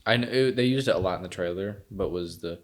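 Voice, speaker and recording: A man co-hosting a podcast, reviewing films in casual chat and retelling scenes with lively quoted lines. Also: sits low, fast. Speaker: podcast co-host.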